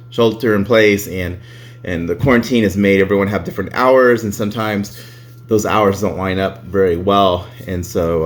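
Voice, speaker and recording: A man talks casually on his vlog, reading reviews aloud. His voice swings widely in pitch. He laughs often and curses freely. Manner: laughs a lot, swears freely, animated.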